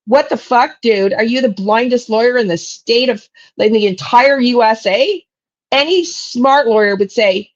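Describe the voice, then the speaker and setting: A woman who hosts a true crime channel rants bluntly and angrily on a live stream, with plenty of profanity, soapbox-style. Her voice is a little high and unhurried, with the highs cut off.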